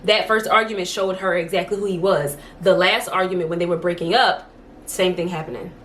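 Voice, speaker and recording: This young woman's voice sits on the low side, with a steady tone and a brisk pace. Vlogging from home, she tells stories casually to the camera, saying "like" constantly, over a little hiss or hum.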